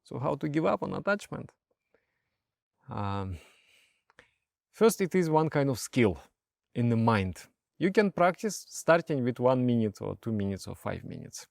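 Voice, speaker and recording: A male meditation teacher explains his lesson in a lively, storytelling manner. His voice is gravelly, it rises and falls a lot, and it sounds dry and close to the mic. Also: medium pitch, a little slow, pauses often, dry recording. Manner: animated, storytelling, with rhetorical questions.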